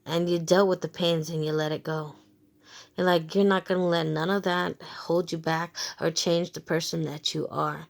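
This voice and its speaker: A woman's voice: on the low side, flat delivery, normal speed, creaky. A woman giving a casual tarot reading to her viewers, frank and emphatic, swearing freely and repeating short phrases as she talks. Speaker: tarot reader.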